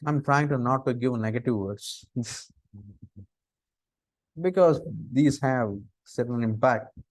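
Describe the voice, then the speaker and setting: Middle-aged Indian-accented man lecturing students, mid-pitched, animated, dry close sound. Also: takes it slowly, no room sound. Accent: Indian English. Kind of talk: lecture on interview body language.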